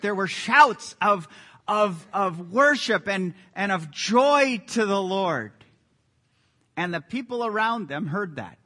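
Male pastor, sermon, high, bright voice, animated storyteller. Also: long reverb tail. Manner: animated storytelling with lively sports anecdotes.

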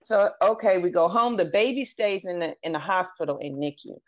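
Fairly quick and fairly low-pitched, with lively intonation, a woman tells her personal story as a podcast guest. She stays earnest and candid, retelling dialogue in her own voice, on a dull lo-fi recording.

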